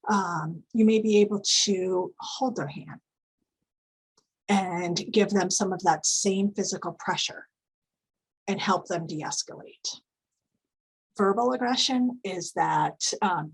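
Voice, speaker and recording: A woman giving a calm, instructive conference presentation, explaining behaviour strategies with frequent fillers. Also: lowish voice, slightly rough, rough recording. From United States.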